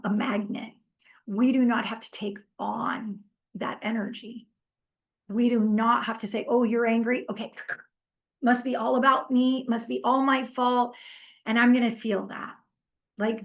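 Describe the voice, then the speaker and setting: A middle-aged woman with a fairly high voice, its upper frequencies cut off, runs a workshop in a relaxed, chatty style. She tells lively stories full of fillers and invites her group to weigh in.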